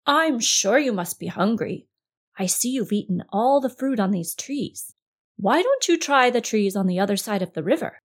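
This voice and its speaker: A huge, slow-witted crocodile , put on by a woman reading a storybook, speaks in a coaxing, honeyed tone. He is a scheming male beast who works at sounding friendly. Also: fairly high pitch, expressive. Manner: sweet-talking, coaxing.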